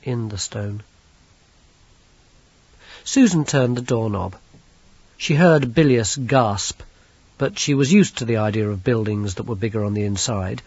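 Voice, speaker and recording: Male audiobook narrator, measured storytelling, husky voice, dry and dull lo-fi recording. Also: fairly low pitch, a little mellow, no echo. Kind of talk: scripted narration.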